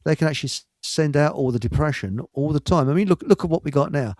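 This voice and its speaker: A man's voice: a little high, animated, fast, few pauses, a little mellow, dry recording. An older man, host of a live stream, telling stories in a rambling, stammering way and chuckling often. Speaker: show host. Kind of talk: casual storytelling on a live stream.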